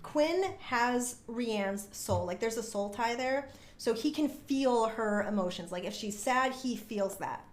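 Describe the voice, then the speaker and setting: A woman's voice: fairly high pitch, lively intonation, unhurried, few pauses, a little hiss or hum. A woman streamer chatting in a casual, bubbly, self-deprecating way about her writing while she plays. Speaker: streamer and author. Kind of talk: casual live-stream chat and reading aloud. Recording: echoey room.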